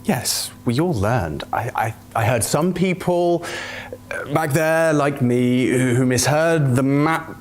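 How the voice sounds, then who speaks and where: A man's voice: medium pitch, slow, a little hiss or hum. A man acting as a flustered, stammering interviewer in a comedy skit.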